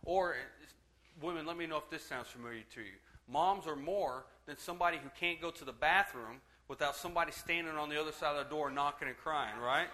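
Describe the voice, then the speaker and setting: A man's voice: fairly high pitch, a little fast, pushed and bright. A man in his thirties preaching a sermon in a chatty, joking way, laughing easily with the congregation in a church. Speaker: pastor. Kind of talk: sermon with humor.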